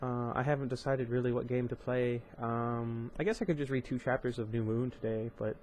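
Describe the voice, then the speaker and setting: A young man reads a novel aloud at home-channel pace, his voice sitting in an ordinary middle pitch. Between passages he drifts into casual commentary, full of ums and restarts. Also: fairly even intonation, fairly quick, a little mellow, a little hiss or hum. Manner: casual, chatty asides with fillers and restarts. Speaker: audiobook reader and channel host. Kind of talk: amateur book reading with commentary.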